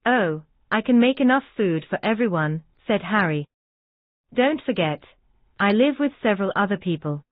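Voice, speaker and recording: A woman's voice: mid-range voice, expressive, moderate pace, no room sound, lightly acted. Casting: woman voicing a young boy wizard, plain, tinny and dry. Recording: dry, tinny phone-like sound.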